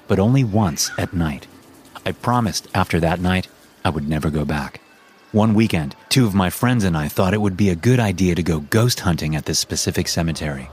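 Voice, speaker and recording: Deep-voiced man narrating horror. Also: a little hiss or hum. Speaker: horror story narrator and channel host.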